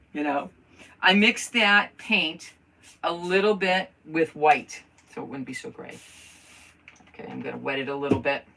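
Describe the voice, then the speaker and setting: A woman's voice: low voice, moderate pace, gravelly, fairly bright tone, far from the mic, poor audio. A woman chatting casually on a live crafting stream, thinking aloud as she works and greeting viewers by name.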